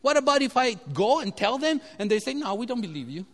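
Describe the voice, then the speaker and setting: A man's voice: very high voice, very animated, a little fast, fairly bright tone, voice pushed up, full character voice. A man voicing a reluctant, anxious Moses making excuses, recorded in an echoey hall. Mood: worried.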